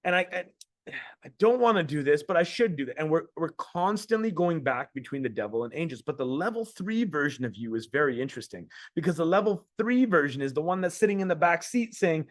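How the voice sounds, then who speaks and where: On a group call, a man coaches other men with a motivational talk that's casual, blunt, occasionally profane, and full of repeated words. His fairly high voice is animated and fairly quick, captured at studio quality without any room sound.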